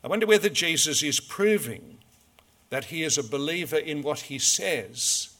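A man preaching a sermon, measured and storytelling, full of rhetorical questions. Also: fairly high pitch, lively intonation, pushed and bright.

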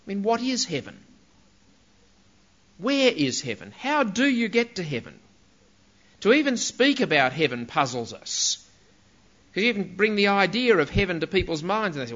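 A man's voice: sits high, very animated, normal speed, a bit bright, highs cut off. A man preaching a sermon, in an emphatic way, asking rhetorical questions and stressing key words.

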